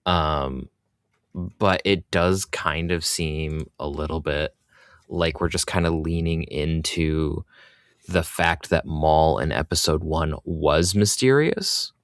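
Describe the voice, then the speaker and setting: A man's voice: very deep voice, takes it slowly, no room sound, clean studio sound. A man co-hosting a podcast in casual chat, hesitant with many fillers but opinionated. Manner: hesitant, full of ums and likes, opinionated. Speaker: podcast co-host.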